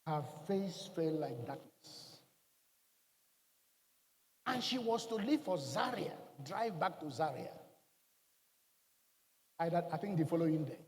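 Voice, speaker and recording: A man preaching a sermon, telling a personal story with emotional, emphatic delivery and loud bursts of exclamation. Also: fairly high pitch, big pitch swings, takes it slowly, pauses often, in a large hall. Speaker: pastor.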